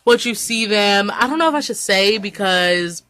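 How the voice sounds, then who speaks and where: A young woman in her twenties chatting casually to her vlog camera, talkative and easily excited, often breaking into giggles. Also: medium pitch, moderate pace, no echo. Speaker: vlogger.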